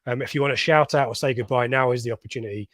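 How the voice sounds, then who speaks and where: A man's voice: medium pitch, very fast, fairly bright tone, no echo, studio quality. A man from England hosting a live fan podcast, reading out viewer comments with jokey asides. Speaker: podcast host. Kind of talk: live reaction stream chat.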